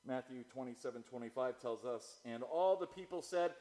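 A man preaching a sermon, moving from loud, declaiming passages to low, quiet asides as he reads and explains scripture. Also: normal speed, few pauses, low-quality recording. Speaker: pastor.

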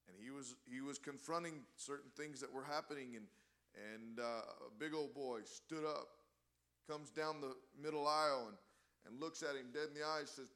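A man preaching a sermon, impassioned, often swelling louder on key words and restarting his phrases. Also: mid-range voice, steady tone, normal speed.

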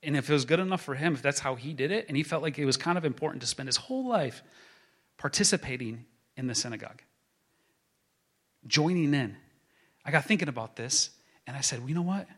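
A man preaching a sermon as a pastor, building to emphatic proclaiming and then dropping to a hushed tone. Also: mid-range voice, lively intonation, brisk, long pauses, slightly rough.

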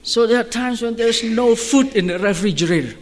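A man preaching as a pastor, telling stories in an animated way and shouting at the high points. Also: a little fast, slight background noise. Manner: animated storytelling, shouting at peaks. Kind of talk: sermon storytelling. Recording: long hall reverb.

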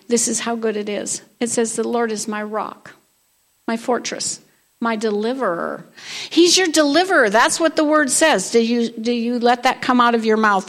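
A high-pitched woman preaching to her church, reading scripture and rising into bold declarations. Her delivery moves between quiet teaching and loud proclamation. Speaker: pastor. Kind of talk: sermon. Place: church sanctuary.

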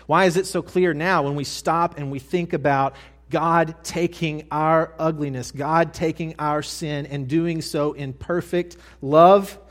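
A male pastor delivering a sermon, telling a story dramatically and swinging between hushed and loud. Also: a little high, fairly even intonation, measured pace.

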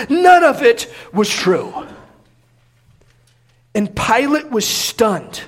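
A man's voice: very high-pitched, creaky. A male pastor preaching an expository sermon, emphatic, often repeating words and at times raising his voice.

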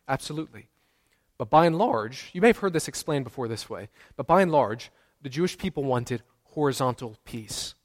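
A man's voice: mid-range voice, lively intonation, fairly quick, big-room sound. A man preaching a sermon as pastor, earnest, repeating key phrases and quizzing his congregation. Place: church sanctuary.

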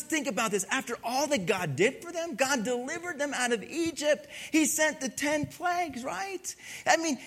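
A pastor preaching a sermon, animated and humorous, swinging from hushed to loud. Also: male voice, very high voice.

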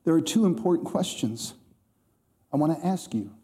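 A man's voice: a little high, expressive, moderate pace, warm tone. A man preaching a sermon to a congregation, quoting scripture and speaking to the listeners directly with emphatic rhythm.

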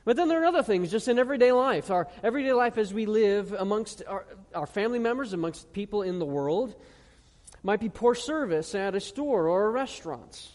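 A high-pitched male pastor delivers an earnest sermon, slowing to stress each phrase of scripture and putting questions to his listeners. His voice rings with the long reverb of a large church hall. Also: animated, darkish tone. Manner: earnest preaching with rhetorical questions and slow emphatic scripture reading.

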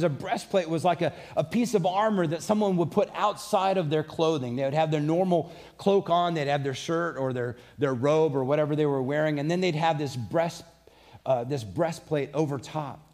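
A man's voice: a little high, normal speed, a little mellow. A man preaching a sermon, earnest and conversational, mixing scripture with personal stories. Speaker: pastor.

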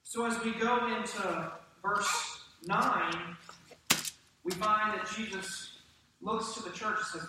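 A man preaching a sermon to his congregation with animated delivery and questions to the room. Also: high voice, takes it slowly, recorded from a distance, noisy background. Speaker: pastor. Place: church sanctuary. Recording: echoey church hall from off-mic.

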